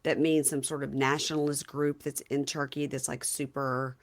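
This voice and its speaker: A woman hosting a podcast, casually recapping a reality TV episode and retelling scenes in an animated way. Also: extremely low pitch, moderate pace. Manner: chatty, animated retelling with quoted lines. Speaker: podcast host.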